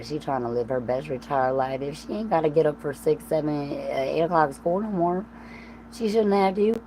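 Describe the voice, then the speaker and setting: A woman with a Southern US accent talks straight into her livestream, her voice sitting unusually low. She rambles from thought to thought with coarse language and laughing asides. A faint hum runs under the recording. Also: low-quality recording. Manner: profane, stream-of-consciousness, laughing asides. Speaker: livestream host.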